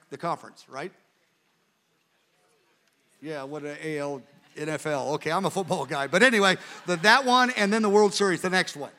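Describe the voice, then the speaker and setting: A man, preaching by telling an anecdote in a lively way, with chuckling asides. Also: sits high. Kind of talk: storytelling sermon.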